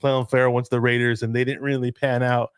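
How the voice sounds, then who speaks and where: A man's voice: medium pitch, level tone, quick pace, smooth, dry recording, studio quality. A man hosting a casual live sports chat, talking loosely, laughing often and reading out viewer comments. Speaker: host.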